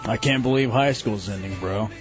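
Brief: a man playing a fresh-graduate jock dude, low mumbly bro drawl, lo-fi studio, faint music. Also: moderate pace, natural voice. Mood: awkward. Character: young male ex-football-player bro, awkward. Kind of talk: improvised comedy sketch.

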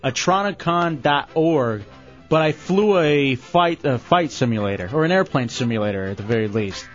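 A man hosting a radio show in casual, animated banter, quick to tease and laugh. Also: medium pitch. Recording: dull lo-fi radio recording with faint music.

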